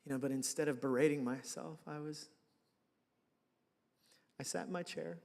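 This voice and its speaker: Animated male pastor in a reverberant hall. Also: medium pitch, moderate pace. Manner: animated, conversational, acts out his own reactions. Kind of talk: sermon with personal storytelling. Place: church sanctuary.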